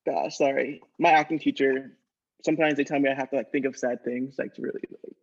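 Hesitant, stammering man with husky voice. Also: mid-range voice, fairly even intonation, fast talker, highs cut off. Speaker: sketch actor playing a nervous doctor.

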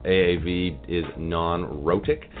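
A man who works as a dialect coach, explaining speech sounds in a relaxed interview clip. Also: sits low, slow pace. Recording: tinny clip with faint music.

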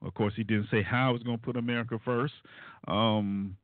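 A man hosting a call-in radio talk show, commenting alone in a casual, animated way with many fillers and asides to his listeners. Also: on the low side, normal speed, no echo. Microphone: phone line. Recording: tinny phone-line radio, dry.

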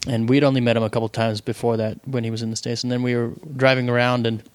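A man's voice: mid-range voice, level tone, fast, no room sound. A man from South Africa co-hosting a podcast and telling rambling stories in casual chat, often correcting himself mid-sentence. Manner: rambling, self-correcting storyteller. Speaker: podcast co-host, band member.

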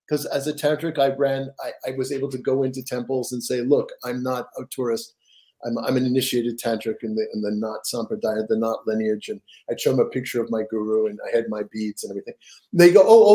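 Telling stories in a casual interview, the older male author speaks in a mid-range voice, lively and meandering, with many restarts.

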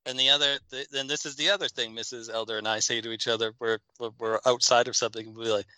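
A man's voice: mid-range voice, level tone, fast, bright, forceful tone, clean tone, no echo, low-quality recording. A man talking casually about a film, rambling and amused, with lots of fillers.

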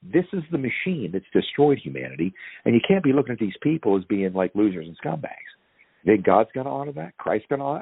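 A husky, low-voiced man talks with fiery, ranting intensity as a podcast guest, his pitch swinging widely as he pushes each point. The sound is thin and tinny like a phone line, with a dry, close feel. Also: very animated, fast, no echo. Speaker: guest activist. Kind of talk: impassioned podcast interview.

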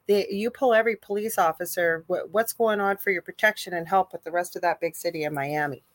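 Emphatic Canadian woman co-host, low dry voice. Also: a little fast, no echo. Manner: animated, emphatic, repeats points. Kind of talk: casual live-stream chat.

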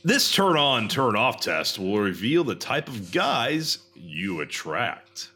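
A man's voice: lowish voice, big pitch swings, slow pace, pushed and bright, breathy edge. A young man co-hosting a comedy podcast, chatting casually in a blunt, boastful manner. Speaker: podcast co-host.

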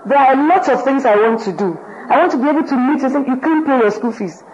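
A woman leading a pastors' wives group gives an informal teaching talk. She talks in a lively way, acts out the voices of people she quotes, and says "you know" a lot. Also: high voice, quick pace, muffled recording, background noise.

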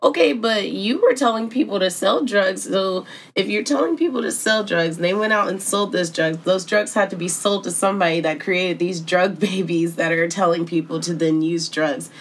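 A woman co-hosting a casual podcast chat, blunt and dry, teasing with quick asides. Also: mid-range voice. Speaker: podcast co-host.

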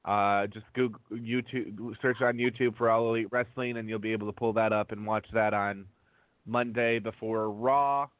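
A man's voice: on the low side, fairly even intonation, dry recording. A man co-hosting a podcast in casual chat, stumbling through a list of names with lots of fillers. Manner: halting, many fillers while reading names. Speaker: podcast co-host. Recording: tinny phone-line sound.

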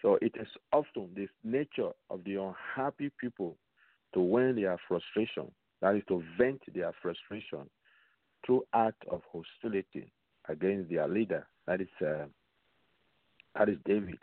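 A man teaching from the Bible on a radio program, slow and repetitive, putting rhetorical questions to his listeners. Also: low-pitched, dry recording. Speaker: radio preacher. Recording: tinny phone-line sound, dry.

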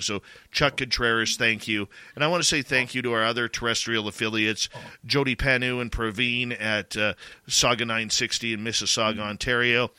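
A man's voice: medium pitch, sharp tone, smooth, no echo. A man with a Canadian accent hosting a radio talk show, chatting casually in a rambling way with many restarts. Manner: rambling, full of restarts and "you know".

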